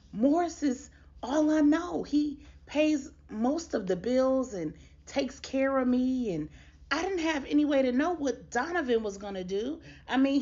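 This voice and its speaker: A woman's voice: sits high, darkish tone, muffled recording, pitched above the performer's own voice. A woman voicing a tearful young woman who pleads and explains herself.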